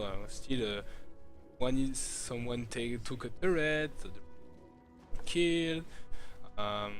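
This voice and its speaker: A man with a French accent, a native French speaker, giving live commentary on a video game match in halting English full of fillers and restarts. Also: mid-range voice. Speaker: esports caster. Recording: music playing underneath.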